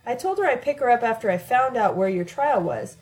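A woman's voice: fairly high pitch, sing-song, brisk, a little mellow, voice pushed up, poor audio. A woman voicing a sarcastic, self-righteous male professor in an audiobook reading, with a defensive edge to his lines. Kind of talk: audiobook narration.

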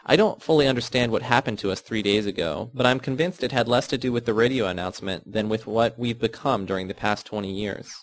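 A man narrating a novel in the first person, in a measured, even way. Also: medium pitch. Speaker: audiobook reader.

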